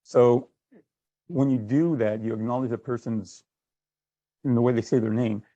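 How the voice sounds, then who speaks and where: A man's voice: medium pitch, fairly even intonation, normal speed, mellow, no echo, muffled recording. A man giving a sales training workshop, conversational, acting out little exchanges as he goes. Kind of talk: workshop talk.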